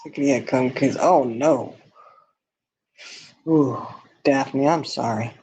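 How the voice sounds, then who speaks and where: A man's voice: mid-range voice, slow, darkish tone, husky. A man hosting a casual livestream, reading viewer comments and talking bluntly and candidly, often laughing at his own remarks. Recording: dull lo-fi stream audio.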